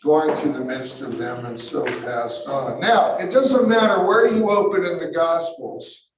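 A fairly high-voiced man preaches slowly and deliberately, leaning hard on his points and now and then breaking into a shout. He is picked up from well back, so the big room rings around every phrase. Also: slight background noise. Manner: emphatic, rising to sudden shouts, musing asides. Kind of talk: sermon. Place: large room with a live audience. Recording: echoey hall, mic far off.

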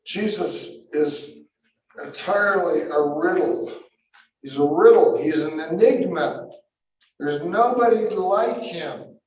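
A man preaching a sermon to a live audience, emphatic and bursting into shouts, with musing asides. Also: high voice, takes it slowly. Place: large room with a live audience. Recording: echoey hall, mic far off.

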